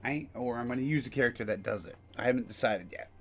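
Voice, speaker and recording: A man's voice: medium pitch, fast talker. Rambling man streaming a game. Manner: rambling, casual, with frequent fillers and swearing. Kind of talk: casual gameplay commentary.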